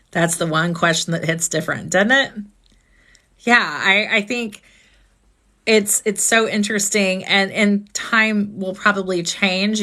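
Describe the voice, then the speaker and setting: A woman's voice: fairly low pitch, sharp tone. A woman host on a live stream, talking earnestly and asking reflective questions about grief.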